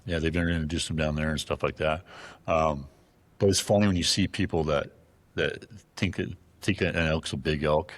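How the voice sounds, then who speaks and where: Speaking at a normal pace in a very deep voice, an Arizona man who hunts with a bow guests on a show. His casual storytelling is animated, full of acted-out lines from others and lots of restarts.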